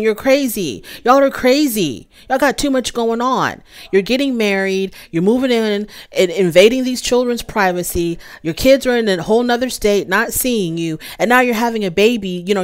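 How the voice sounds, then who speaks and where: A woman hosting a casual recap of a reality show, talking straight to the cast in an exasperated, scolding way. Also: medium pitch. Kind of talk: casual review commentary.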